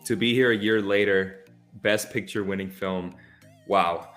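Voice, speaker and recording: With soft music behind him, a man on a relaxed film-discussion podcast talks in an unhurried way. His low voice is fairly bright and steady in tone, and he speaks emphatically and passionately with frequent restarts.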